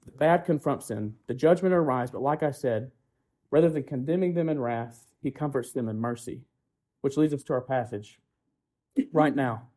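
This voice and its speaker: Mellow-voiced male preacher asking rhetorical questions. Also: mid-range voice, moderate pace. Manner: asks the congregation rhetorical questions, often tagging "right?"; builds points through repetition. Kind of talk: sermon.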